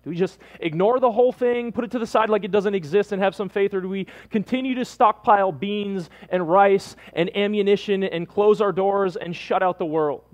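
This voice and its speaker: High-voiced pastor preaching with repetition. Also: male voice, fairly quick, hardly any pauses. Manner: repeats lines for emphasis, calls listeners "man". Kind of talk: sermon.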